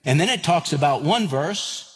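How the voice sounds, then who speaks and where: A man, preaching a sermon and telling stories with lively acted-out voices. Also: on the high side, normal speed, slightly rough. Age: 50s. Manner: animated, acts out quoted voices and escalating lines. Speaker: pastor. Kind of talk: sermon with storytelling. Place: church sanctuary. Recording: long hall reverb.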